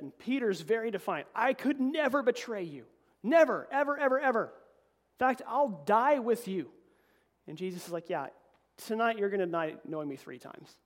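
Animated high-voiced male preacher. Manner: animated preaching, voice rising to emphatic peaks then dropping low. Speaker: pastor. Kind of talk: sermon.

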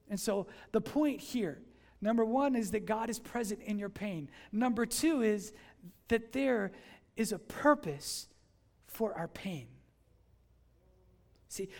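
High-voiced, gravelly male preacher. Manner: animated storytelling, acting out dialogue. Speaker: pastor. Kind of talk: sermon.

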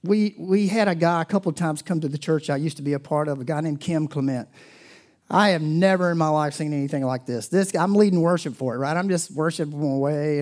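A middle-aged man preaching a sermon, telling stories in a loose, conversational way. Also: fairly high pitch. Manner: storytelling, conversational and animated. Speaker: pastor.

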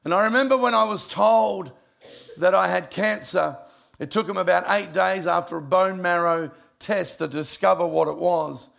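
An older man, a pastor telling personal stories in a sermon, emotional and conversational, with a gravelly voice. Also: high voice, normal speed, a bit bright. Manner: emotional, conversational storytelling with asides. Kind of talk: sermon storytelling.

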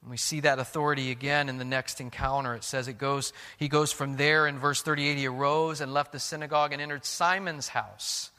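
A man's voice: mid-range voice, steady tone, fairly quick, hardly any pauses, sharp tone, long reverb tail. A man preaching a sermon as pastor, earnest and questioning, often restarting his words.

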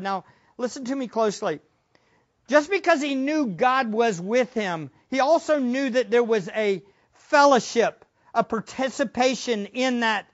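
An impassioned male pastor delivering a sermon, his voice sitting notably high for a man. He swings from hushed, low passages to loud, fervent appeals. The recording is dull and lo-fi.

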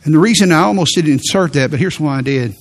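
Earnest preaching man, fairly high voice. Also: animated, fast talker. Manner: earnest, emphatic preaching with sudden rises. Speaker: pastor. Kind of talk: sermon.

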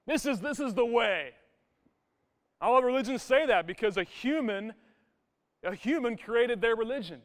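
A man's voice: very high-pitched, expressive, normal speed, long pauses, in a large hall. A pastor in his thirties, preaching a sermon with impassioned emphasis.

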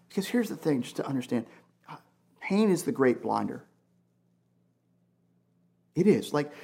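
Man, pastor, sermon, conversational, emphatic, higher pitch. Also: lively intonation, fairly quick, long pauses, a little mellow. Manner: conversational, emphatic, many "like" asides.

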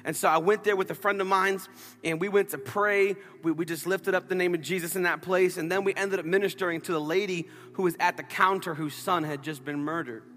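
A man preaching a sermon as pastor, telling a story in an animated, playful way. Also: sits high, a little fast, long reverb tail. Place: church sanctuary.

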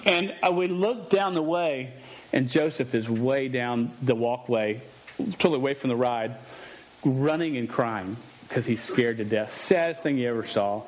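A man's voice: mid-range voice, measured pace. A man in his forties preaching, telling a family story with jokes, frequent stammers and restarted words. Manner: stammering, joking and animated, often restarting words. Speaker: pastor. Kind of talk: sermon with a storytelling aside.

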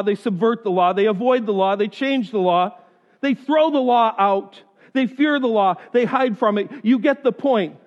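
A man with a high voice preaching in a big hall, where his words ring out with a long echo. He is an animated storyteller who slips into other people's voices. The sound is a little dull. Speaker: pastor. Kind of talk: sermon with personal stories.

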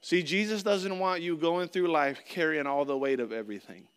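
Middle-aged man, pastor, plain earnest sermon delivery, slightly higher voice, long hall reverb. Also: moderate pace, clean tone. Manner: earnest, conversational preaching with repeated phrases.

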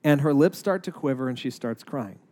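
A man's voice: medium pitch, normal speed. Man sharing a personal testimony. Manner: earnest, animated retelling with acted-out quotes. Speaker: speaker giving a personal testimony. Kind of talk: conversational storytelling testimony.

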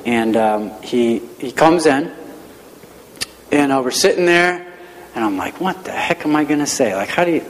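A man's voice: medium pitch, expressive, normal speed. A man with a mid-range voice tells a personal story in an earnest, self-deprecating, conversational way. He speaks as a schoolteacher sharing a testimony. His voice carries the long reverb of a large hall.

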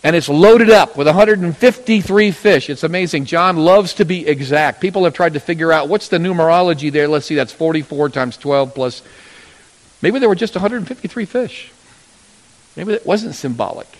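A man preaching a sermon, telling a Bible story and acting out its characters in sudden loud bursts. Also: on the high side, animated, moderate pace. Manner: storytelling, acting out voices of biblical figures with sudden loud rises. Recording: long hall reverb.

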